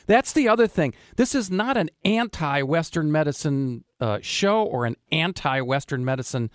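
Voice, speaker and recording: A man's voice: on the high side, expressive, normal speed, no echo, studio quality. A man hosting a radio talk show, rambling with many fillers and restarts as he interviews a guest. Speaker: radio show host and practitioner.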